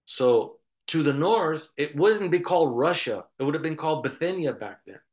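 A man preaching a sermon, telling stories in a rambling, animated way with frequent restarts. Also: on the high side, normal speed. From United States. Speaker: pastor.

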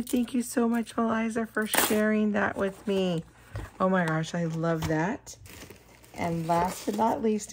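A woman who is losing her voice chats casually while unboxing gifts, gushing and excitable, and she says "oh my gosh" again and again. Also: medium pitch, a little hiss or hum. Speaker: crafting vlogger.

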